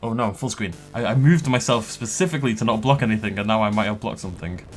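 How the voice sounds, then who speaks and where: A man's voice: on the low side, fast, soft background music. A man hosting a gaming channel, giving upbeat, joking let's-play commentary with frequent chuckles.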